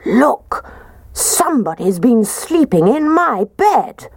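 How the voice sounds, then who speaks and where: A woman voicing a big, gruff father bear in a storybook reading. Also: on the high side, sing-song, slow pace, a little mellow, no echo, studio quality, voice pushed up, exaggerated voice.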